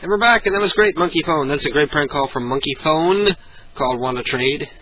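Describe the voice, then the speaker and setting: A man's voice: fairly high pitch, brisk. Male radio host, rambling, chuckles, self-mocking, muffled lo-fi sound, faint hiss. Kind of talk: casual radio chat.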